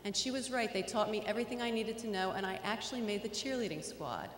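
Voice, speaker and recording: A woman's voice: medium pitch, animated, quick pace. A middle-aged woman telling a personal story in an earnest speech, with small stammers, in a large hall. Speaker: hall of fame inductee giving a speech. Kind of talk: acceptance speech. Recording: echoey hall, long reverb, faint noise.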